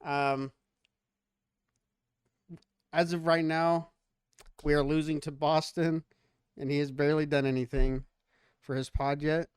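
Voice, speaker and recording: A man's voice: fairly high pitch, flat delivery, measured pace, long pauses, clean tone, no room sound, clean studio sound. A man hosting a podcast, bantering casually with jokes and a lot of swearing. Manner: joking, profane banter. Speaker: podcast host.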